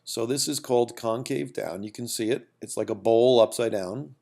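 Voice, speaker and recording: A man's voice: medium pitch, normal speed, vocal fry, dark tone. A man teaching a calculus lesson at a whiteboard in a casual way, repeating phrases and checking in with "okay?" and "right?". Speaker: math teacher.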